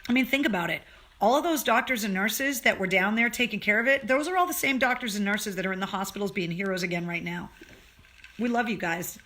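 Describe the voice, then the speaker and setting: This livestream show host speaks at a medium pitch, fairly quickly, in a pushed, bright voice. Hosting a casual stream for her viewers, she talks earnestly and emotionally, swears freely, and restarts sentences as she goes.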